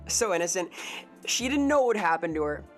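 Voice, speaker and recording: A woman streamer chatting casually on a live stream, excitable and talkative, swearing now and then. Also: fairly low pitch, normal speed, soft background music.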